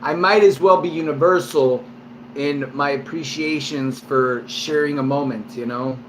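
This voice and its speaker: A man's voice: fairly high pitch, a little slow, a bit bright, a little hiss or hum. A man vlogging at home, a little drunk, telling a long story to camera in a rambling way, with constant swearing and fillers. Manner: rambling and heavily profane, lots of fillers. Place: at home, indoors.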